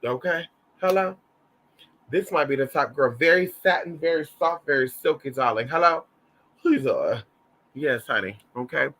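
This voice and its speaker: Swearing without restraint, a flamboyant vlogger calls his livestream viewers honey as he chats casually and sassily. His animated voice sits on the high side, fairly bright in tone, at a moderate pace.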